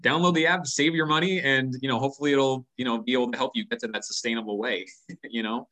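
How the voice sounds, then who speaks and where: A man's voice: mid-range voice, fairly even intonation, quick pace, sharp tone. A man being interviewed as a company founder, speaking earnestly and passionately in a casual conversation, often repeating a word as he starts a sentence.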